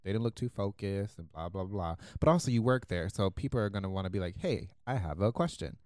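A man co-hosting a podcast, telling a story in a casual, animated way, laughing often and acting out the people he quotes. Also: sits low, quick pace, clean tone, dry recording, studio quality. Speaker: podcast co-host.

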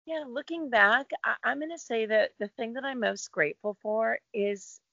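A middle-aged woman, a guest actor, talking in a relaxed, reflective interview about her career. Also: fairly high pitch, normal speed, creaky, dry recording, dull audio. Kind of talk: casual interview chat.

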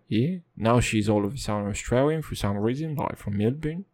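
A man's voice: a little fast, hardly any pauses, darkish tone. A young man, a comedian and native Russian speaker, who rambles through a silly, profane comic rant. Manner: rambling, profane, silly, with sudden jumps in pitch.

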